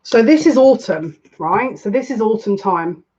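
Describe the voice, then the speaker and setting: Chatty woman as a psychic card reader, mid-pitched voice, dull lo-fi recording. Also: lively intonation, measured pace, a little mellow, a little hiss or hum. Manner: chatty, with emotional asides, reads aloud from a card book. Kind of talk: live tarot reading.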